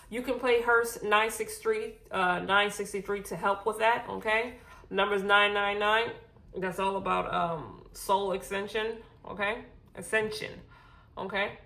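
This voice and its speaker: A woman's voice: medium pitch, creaky, a bit bright. Breathless woman giving a tarot reading. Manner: reassuring, repeats okay, self-corrects often. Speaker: tarot reader. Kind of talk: casual spiritual reading to camera.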